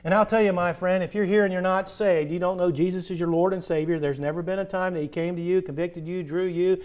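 A man preaching a sermon as pastor, stressing points with rhetorical questions and swinging from loud emphasis to drawn-out soft endings. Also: high-pitched, steady tone.

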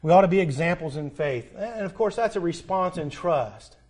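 A man's voice: a little high, lively intonation, moderate pace, a little mellow, breathy edge. A middle-aged man preaching a sermon as pastor, building to emphatic peaks and asking the congregation repeated questions.

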